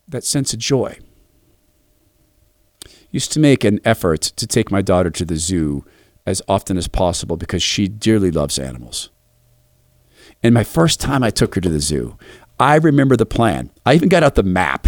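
A middle-aged man preaching a devotional talk, telling lively family anecdotes and acting out the voices. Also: fairly low pitch, normal speed, no echo, studio quality. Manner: animated, acts out voices in anecdotes.

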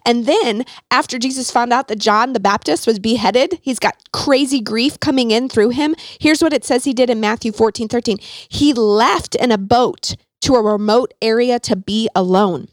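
A woman's voice: on the high side, normal speed, no echo. A woman guest author speaking passionately in a faith-based parenting interview, quoting scripture like a preacher.

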